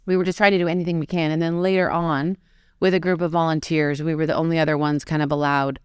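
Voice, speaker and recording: A woman's voice: deep voice, flat delivery, smooth, no echo, clean studio sound. A woman in her forties, a fashion designer, telling stories from her career in a casual interview. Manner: conversational, quick anecdotes with acted-out quotes.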